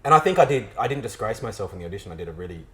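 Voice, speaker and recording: An Australian actor in a casual interview, telling an animated, self-mocking story with frequent restarts. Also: male voice, on the low side, very fast, poor audio.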